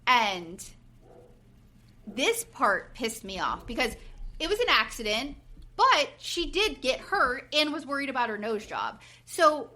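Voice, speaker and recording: Woman in her forties, podcast co-host; animated, bright, lots of "like", mimics people mid-story. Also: a little high. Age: 40s. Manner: animated retelling, acting out quotes, frequent fillers. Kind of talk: casual reality TV recap chat.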